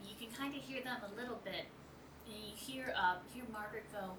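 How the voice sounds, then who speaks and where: A woman's voice: a little high, fairly quick. A woman narrating a tabletop game as game master, rambling with many fillers. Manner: rambling, filler-heavy, laughs often. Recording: roomy distant noisy home recording.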